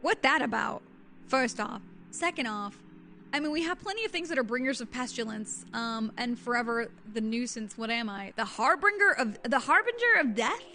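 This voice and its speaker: A woman's voice: fairly high pitch, animated, normal speed, bright, forceful tone, a little hiss or hum. A woman streaming a game in casual, chatty commentary, easily startled into gasps and squeals.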